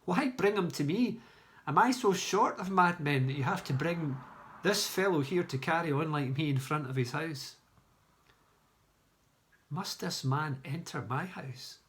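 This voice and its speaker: A man's voice: on the high side, measured pace, fairly bright tone, pitched above the performer's own voice. A man voicing a scornful foreign king who asks raised, incredulous, mocking questions.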